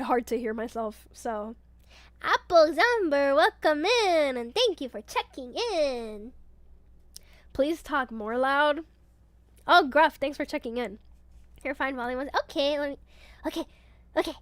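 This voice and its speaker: A young woman chatting casually on a live stream as a VTuber, reading her chat aloud, giggling often and getting loud when excited, with casual swearing. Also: sits high, no room sound. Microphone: headset mic with headphones.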